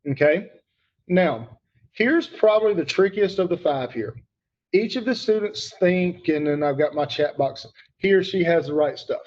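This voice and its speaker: A man's voice: sits high, lively intonation, normal speed, muffled recording. A man teaching grammar to students online, emphatic and repeating key points, calling on students by name.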